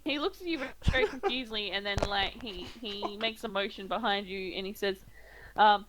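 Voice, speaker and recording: A woman's voice: medium pitch, a little fast, fairly bright tone, poor audio. A woman running a tabletop game as game master, improvising with many fillers.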